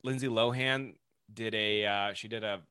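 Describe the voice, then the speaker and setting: Casting: man, podcast guest, bright voice, dry close sound, laid-back storyteller. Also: on the low side, moderate pace, clean tone, dry recording. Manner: relaxed storytelling with filler words. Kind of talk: casual podcast chat.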